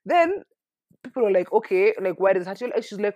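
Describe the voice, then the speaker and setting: Fast-talking young woman podcast co-host, husky. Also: medium pitch, no echo, clean studio sound. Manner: fast talker, animated storytelling. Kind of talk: casual chat.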